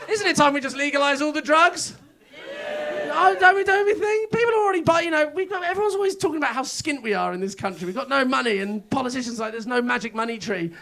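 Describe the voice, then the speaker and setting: With a very high, fast, bright, and forceful voice, a male stand-up comic works a club stage, telling rambling stories at his own expense. The audience laughs often, and the live room records their laughter.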